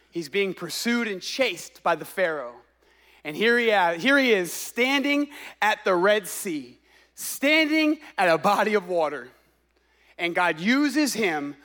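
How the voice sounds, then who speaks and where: A man's voice: high-pitched, fairly bright tone. A man preaching a sermon with passion, exclaiming and repeating phrases for emphasis.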